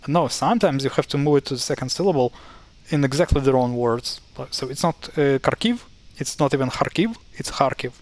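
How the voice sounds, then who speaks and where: Speaking quickly with few pauses, this man has a medium pitch and a darkish tone. He's a chatty language explainer on a casual screen-share, exasperated at mispronunciations and prone to fillers and restarts.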